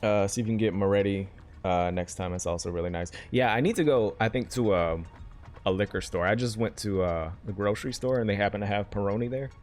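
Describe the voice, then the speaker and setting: Low-voiced man chatting while gaming. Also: brisk, darkish tone, soft background music. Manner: rambling, jokey, chats with viewers. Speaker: game streamer. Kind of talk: casual chat while playing a game.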